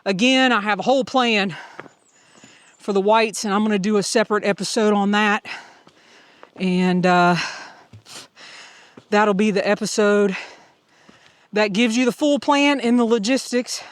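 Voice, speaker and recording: A woman's voice: medium pitch, fairly even intonation, unhurried, pauses often, clear, resonant tone, dry recording. A middle-aged woman with a Southern US accent, telling an upbeat, chatty hiking story in a casual audio vlog. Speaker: hiker vlogger.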